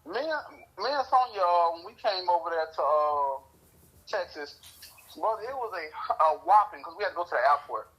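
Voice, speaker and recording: A man who grew up in Louisiana, co-hosting a casual podcast. His voice is bright and husky. He rambles through stories with frequent laughter and cursing. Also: high-pitched, animated, normal speed, poor audio. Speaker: podcast co-host. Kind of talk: casual chat.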